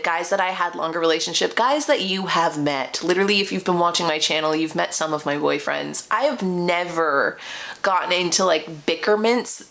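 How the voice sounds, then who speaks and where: A woman's voice: fairly low pitch, a bit bright. A young adult woman vlogger telling a dating story in a casual, chatty way, full of fillers and self-corrections.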